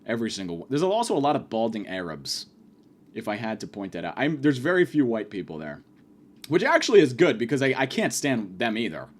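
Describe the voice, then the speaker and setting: A man's voice: mid-range voice, very animated, a little fast. A young man giving a crude, rambling comedic rant about his college.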